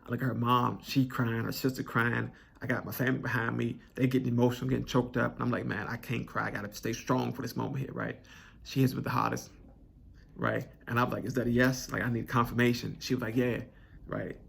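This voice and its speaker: A man's voice: mid-range voice, level tone, fairly quick, creaky, a bit bright, slightly rough. A man, telling a personal story in an earnest, conversational way with many restarts, choked up with emotion. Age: 20s. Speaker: vlogger telling his proposal story.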